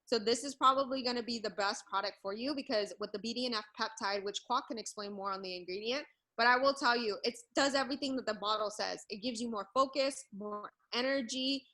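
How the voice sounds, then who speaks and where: A woman in her thirties presents products on a video call in a cheerful, upbeat way, often laughing mid-sentence. Her voice is bright and ringing, pitched a little high. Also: fairly quick, low-quality recording. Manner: upbeat, laughs between words.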